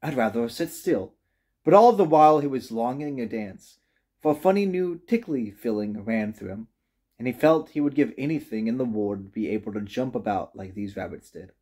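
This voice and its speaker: A man reading a children's storybook aloud with gentle, expressive narration. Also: mid-range voice, a little fast. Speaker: reader.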